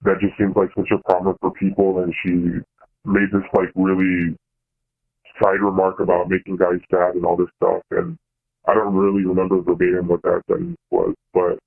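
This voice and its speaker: A young man speaks over a tinny phone line, his voice deep and held to a narrow, even pitch. He is confiding a hard personal experience as a caller. His delivery is halting, full of fillers and false starts. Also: creaky. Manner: halting, hesitant, many fillers and restarts. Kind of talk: personal confession on a call-in show.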